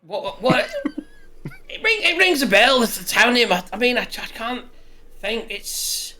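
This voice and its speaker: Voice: medium pitch, big pitch swings, measured pace, crowd noise, voice pushed up. Gm doing a rambly tavern keeper, fake scottish accent going irish, fishing for tips. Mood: puzzled. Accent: put-on Scottish drifting Irish. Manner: hesitant, rambling, fond of coin. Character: gruff male tavern keeper.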